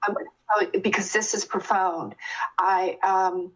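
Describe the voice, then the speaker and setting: A woman's voice: medium pitch, moderate pace, dull audio. Older woman telling a heartfelt story. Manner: earnest, animated when telling a story, with many restarts. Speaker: guest sharing her experience. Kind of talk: reflective personal storytelling.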